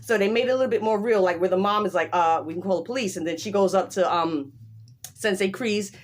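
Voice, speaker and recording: Woman, casual recap chat, animated, emphatic, acts out quoted voices, laughs often, mid-pitched voice. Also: brisk, a little hiss or hum. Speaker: show reviewer.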